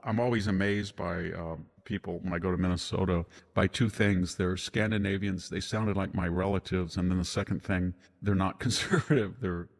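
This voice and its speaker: Older man, very deep voice, discursive talker with restarts, heard with a long reverb tail. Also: steady tone, moderate pace, gravelly, hardly any pauses. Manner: rambling, discursive, many restarts. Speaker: historian guest. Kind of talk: casual conversation.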